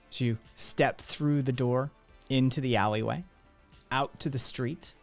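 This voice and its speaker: Male game master, slow and measured narration, light music in the background. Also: medium pitch, steady tone, gravelly.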